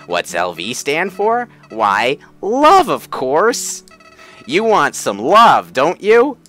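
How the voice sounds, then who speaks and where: A man's voice: on the high side, wildly swooping pitch, slow, sharp tone, soft background music, voice pushed up, exaggerated voice. A man voicing a cheery but menacing male flower creature with a Southern US drawl, during a game playthrough. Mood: coaxing. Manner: sugary folksy drawl turning sinister. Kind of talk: video game let's play voicing.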